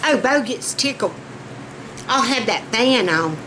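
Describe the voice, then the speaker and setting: A woman's voice: a little high, animated, unhurried. A Southern woman talking casually while cooking at home, chatty and a bit out of breath, with a fan running behind her. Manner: chatty, folksy, rambling. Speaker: vlogger. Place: home kitchen. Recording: noisy room with fan running.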